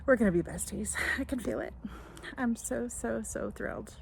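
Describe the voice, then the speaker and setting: A woman around forty, vlogging from her garden, gushing with excitement and at times dropping to a whisper. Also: a little high, normal speed, vocal fry, background noise. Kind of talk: casual garden vlog. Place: outdoors in a home garden.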